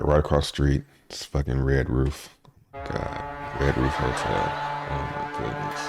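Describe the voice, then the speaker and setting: Deep-voiced man telling a story casually. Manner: profane, laughs through his story, relaxed. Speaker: podcast host.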